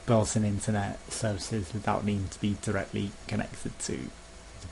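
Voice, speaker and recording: A man's voice: fairly low pitch, little pitch movement, normal speed, gravelly, background noise. A man in a casual rambling rant to camera, swearing freely and now and then mimicking pushy phone sales staff. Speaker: vlogger.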